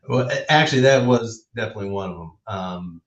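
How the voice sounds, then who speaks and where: A man's voice: lowish voice, animated, moderate pace, a bit bright, reverberant, highs cut off. A man, a former baseball player, telling family memories as a radio guest in a reflective way. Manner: reflective storytelling with laughs. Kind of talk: casual radio interview.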